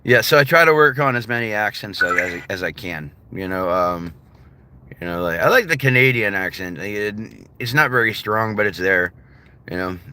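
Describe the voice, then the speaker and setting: Male streamer, loose and profane, bright and punchy delivery, casual chat with viewers. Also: fairly low pitch, animated, normal speed, slight background noise. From United States. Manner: rambling, profane and laughing often. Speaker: livestreamer.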